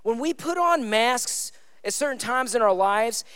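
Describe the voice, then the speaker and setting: A high-pitched male pastor delivers a sermon in a casual, conversational way, hammering points home by repeating them. His voice is smooth and resonant, recorded close and dry with no room sound. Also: animated, measured pace, fairly bright tone, dry recording. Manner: conversational preaching with emphatic repeated phrases.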